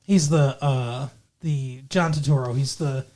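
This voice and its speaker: A man's voice: mid-range voice, steady tone, unhurried, warm tone. Rambling male podcast co-host. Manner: rambling, digressive, corrects himself mid-sentence. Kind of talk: casual movie podcast chat.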